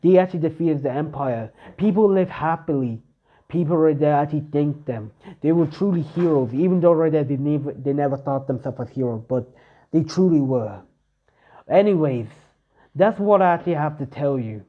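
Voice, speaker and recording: A man's voice: on the high side, moderate pace, narrow, tinny audio, lightly acted. A man voicing the solemn spirit of a legendary armor, rambling with many fillers.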